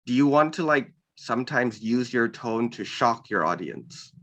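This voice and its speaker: Slow-talking bright-voiced male interviewer. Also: medium pitch, animated. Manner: slow, searching, many ums and restarts. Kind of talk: casual interview talk.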